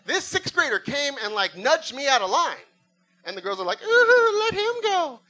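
Animated preacher guy, swoops all over, does little voices and sound effects. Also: very high voice, normal speed, rough recording. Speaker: pastor. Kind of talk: sermon with humorous storytelling.

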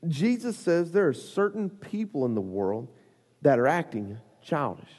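A man delivers a youth sermon, his voice a little raised and husky. He tells comic stories in an animated, rambling way with many fillers. His voice rings with the long reverb of a large hall. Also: fairly high pitch, unhurried. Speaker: youth pastor. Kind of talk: storytelling sermon.

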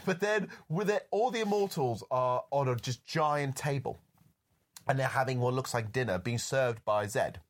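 A man's voice: mid-range voice, normal speed. A man co-hosting a casual film podcast, retelling scenes with frequent laughter and mimicked lines. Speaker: podcast co-host. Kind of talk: casual film review chat.

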